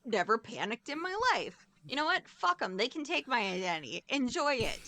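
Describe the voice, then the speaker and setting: A woman's voice: a little high, very animated, brisk, pushed and bright, no room sound. A woman co-hosting a horror podcast in casual chat, joking, rambling and swearing. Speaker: podcast co-host.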